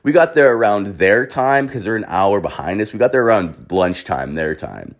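A young man telling a long comic story in a profane, rambling, animated way. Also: on the low side, moderate pace.

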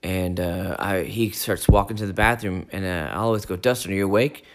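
A man co-hosting a podcast in casual chat, a relaxed storyteller who often laughs along. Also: low voice, fairly quick. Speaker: podcast co-host.

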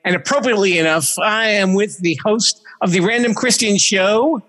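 A man's voice: high-pitched, moderate pace, fairly bright tone, in a large hall. Chatty male podcast host. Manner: chatty, playful asides. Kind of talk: casual interview chat.

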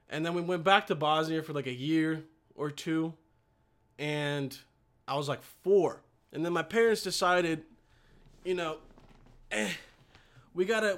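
With a fairly high, fairly bright voice, this American podcast host from the United States wanders through a loose, foul-mouthed monologue, frequently laughing to himself.

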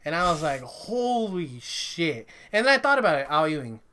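Ranting, swearing man with a bright voice. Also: a little high, very fast, slight background noise. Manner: animated, heavy swearing, ranting. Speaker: podcast co-host. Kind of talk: casual chat.

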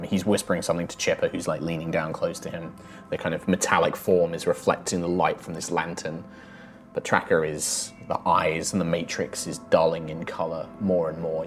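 A man narrating as game master, halting, with many ums and restarts. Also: sits low.

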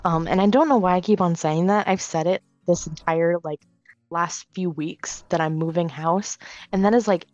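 A woman's voice: lowish voice, moderate pace, a little mellow, no room sound, lo-fi sound. A woman co-hosting a casual podcast, rambling with lots of fillers and restarts. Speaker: podcast co-host.

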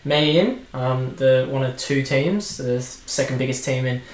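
A man's voice: mid-range voice, a little slow, reverberant. A man with an Australian accent, co-hosting a casual football chat and telling stories with plenty of fillers. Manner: chatty storyteller, lots of fillers. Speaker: podcast co-host.

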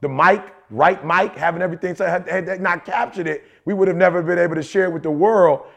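A middle-aged man co-hosting a podcast, talking in an animated, slangy motivational way and repeating phrases for emphasis. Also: sits high, fast, creaky. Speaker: podcast co-host. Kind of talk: motivational casual chat.

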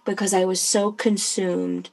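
A young woman chatting on a podcast in an animated, candid way. Her voice sits at an ordinary middle pitch, and she talks openly with bursts of laughter. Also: unhurried, breathy edge. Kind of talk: casual conversational podcast.

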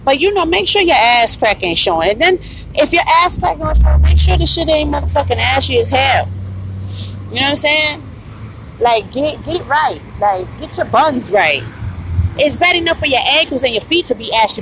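A woman's voice: high voice, sing-song, normal speed, a bit bright, a little hiss or hum, poor audio. A tired woman in pain, venting bluntly and profanely about customers at her retail job in a casual podcast monologue.

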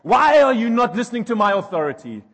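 A male preacher voicing an exasperated Roman governor, shouting his questions in a strained high voice. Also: big pitch swings, fast, full character voice.

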